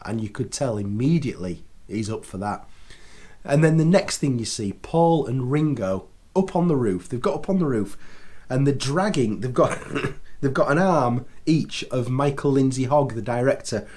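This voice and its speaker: Enthusiastic male reviewer, conversational, mid-pitched, lots of ums. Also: lively intonation, moderate pace, darkish tone. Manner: chatty, enthusiastic, many fillers and restarts. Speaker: video reviewer. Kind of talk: casual spoken review.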